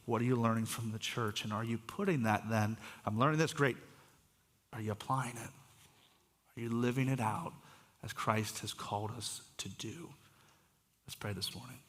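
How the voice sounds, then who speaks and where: A man's voice: mid-range voice, normal speed, long pauses, a bit bright, big-room sound. A man who is a pastor, giving a conversational sermon in a church and putting questions to the congregation. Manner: conversational, restarts phrases, asks the congregation questions. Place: church sanctuary.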